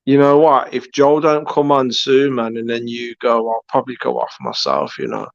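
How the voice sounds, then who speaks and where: A man's voice: mid-range voice, animated, normal speed, creaky, dry recording, dull audio. Swearing, laughing livestream host man. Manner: laughs often, swears casually, repeats words. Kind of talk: casual chat.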